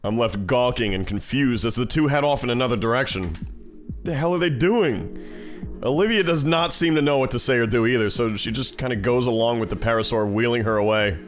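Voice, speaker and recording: A man's voice: mid-range voice, fast, hardly any pauses, faint music behind. A man streaming, reading a visual novel aloud and tossing off profane, joking asides to his viewers. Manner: profane, jokey asides to chat. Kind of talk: reading aloud with casual reactions.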